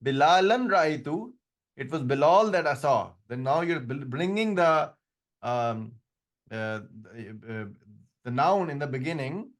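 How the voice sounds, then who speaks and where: In an online class, a man with medium pitch and lively intonation teaches Arabic grammar a little slowly. English is his second language, and he explains patiently, often starting over.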